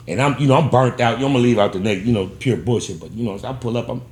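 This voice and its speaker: A man's voice: medium pitch, fast talker, reverberant. A man from Long Beach, telling stories as a podcast guest in heavy slang and acting out the people he quotes. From Long Beach, California. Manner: animated, acts out quotes in shifting voices, heavy slang. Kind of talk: casual storytelling interview.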